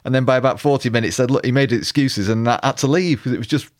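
Brisk fast-talking man co-host. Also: medium pitch. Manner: brisk, reads out passages and recounts anecdotes. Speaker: podcast co-host. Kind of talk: casual chat about music history.

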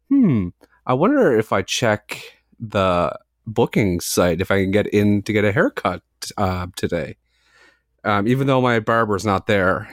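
A man's voice: medium pitch, dry recording. Rambling man in his forties, dry sound. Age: 40s. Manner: rambling, self-mocking storytelling with filler words and casual swearing. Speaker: podcast co-host. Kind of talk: casual chat.

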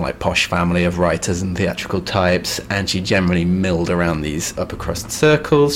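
A man's voice: deep voice, slight background noise. A man co-hosting a literature podcast, giving background in a dry, understated chat with wry asides. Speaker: podcast co-host.

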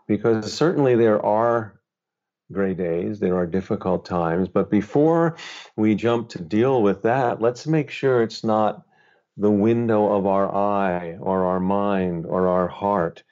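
Mellow low-voiced man telling a story. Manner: gentle, unhurried, thoughtful storyteller. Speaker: author and guest. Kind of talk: reflective storytelling interview. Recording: slightly dull, lo-fi sound.

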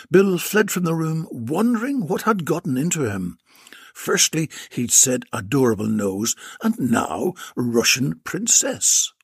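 A very husky, breathy man reads a comic story at an unhurried, drawn-out pace. His pitch moves a lot, and the close recording is completely dry. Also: no room sound. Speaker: narrator. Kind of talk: audiobook narration.

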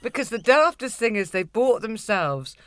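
A woman's voice: on the high side, very animated, normal speed, a little hiss or hum. A middle-aged woman co-hosting a podcast, telling family stories in casual chat, laughing often and swearing freely. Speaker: podcast co-host.

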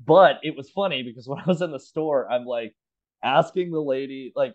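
A man co-hosting a casual podcast chat from home, telling a rambling story that is peppered with swearing and bursts of laughter. His pitch sits in an ordinary middle range. The remote recording sounds a little dull and lo-fi. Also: fairly quick. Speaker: podcast co-host. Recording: slightly dull, lo-fi remote audio.

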